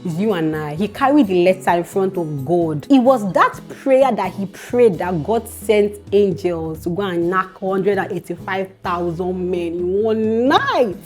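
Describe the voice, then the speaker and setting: A woman casually retelling a Bible story as encouragement, animated and full of exclamations. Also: medium pitch. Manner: animated, exclaiming, preacherly asides. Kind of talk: casual devotional teaching.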